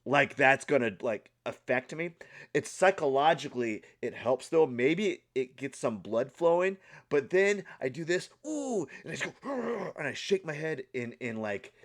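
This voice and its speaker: A young man chats straight to the camera in a casual vlog. His voice sits in an ordinary middle range, and he tells his story in an animated, rambling way. He restarts sentences often and leans on fillers. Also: mid-range voice, moderate pace. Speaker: art channel vlogger.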